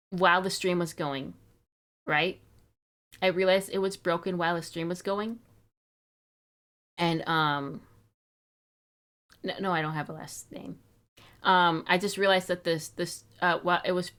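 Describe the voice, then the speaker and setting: A young woman streams live, chatting casually and fretting aloud in a rambling, wistful way, and she sounds a little sick. Her voice is fairly low and a bit bright.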